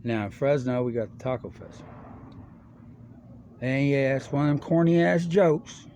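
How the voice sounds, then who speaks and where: A middle-aged man talking in a rambling, stream-of-consciousness way. His voice sits at an ordinary pitch for a man. His speech is loose, full of slang and swearing, and hops from subject to subject. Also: moderate pace, warm tone, slight background noise. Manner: loose, slangy and profane, jumps between topics. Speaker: monologuist.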